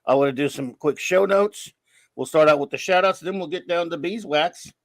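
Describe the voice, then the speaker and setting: A man with a Cajun accent hosts a casual livestream chat in a playful, rambling way. His voice sits fairly high for a man and comes through a dry, close recording. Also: moderate pace, no room sound. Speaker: podcast host.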